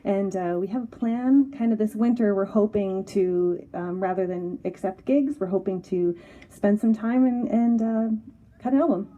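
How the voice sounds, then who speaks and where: A woman's voice: mid-range voice, normal speed, warm tone, highs cut off. A Canadian woman guest from a band, chatting upbeat on an outdoor porch and laughing easily. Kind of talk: casual interview.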